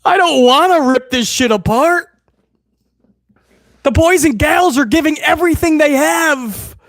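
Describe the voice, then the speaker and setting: A man's voice: very high-pitched, measured pace, a bit bright, no room sound, clean studio sound. A man hosting a live wrestling watch-along stream, ranting bluntly and swearing freely in casual commentary.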